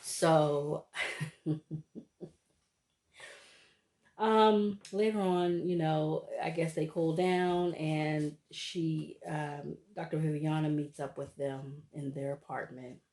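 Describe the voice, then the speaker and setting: A woman's voice: low voice, fairly even intonation, slow, warm tone. A woman casually recapping a reality TV episode, chatty and laughing often as she acts out what people said.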